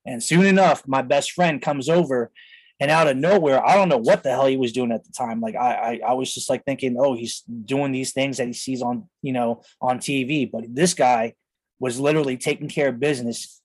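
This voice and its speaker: A man in his thirties hosts a podcast and tells a personal story in a rambling way, packed with fillers like "you know" and "like". His medium-pitched voice is slightly rough and moves at a moderate pace, recorded on a close studio mic with no room sound, though the recording is rough.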